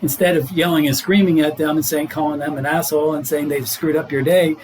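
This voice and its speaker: Middle-aged man, doctor guest, earnest explainer, slightly high voice, faint background hiss. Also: fairly even intonation, brisk, darkish tone, rough recording. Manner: explanatory, earnest, laughs easily. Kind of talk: casual podcast health talk.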